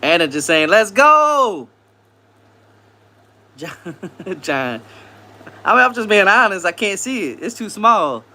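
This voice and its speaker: A man hosting a casual live stream, reading viewer comments aloud, greeting people by name and repeating phrases in a relaxed way. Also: high voice, a little slow.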